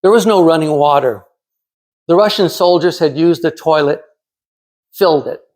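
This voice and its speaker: A man's voice: fairly high pitch, a little mellow. Man in his 60s telling a story. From California. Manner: measured, dramatic storytelling with pauses. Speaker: club speaker. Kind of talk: prepared storytelling speech.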